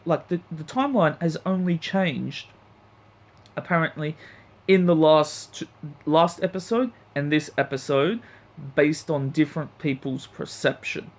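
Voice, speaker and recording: A man reviewing an anime episode in a blunt, profane, heated rant. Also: on the high side. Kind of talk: ranting review vlog.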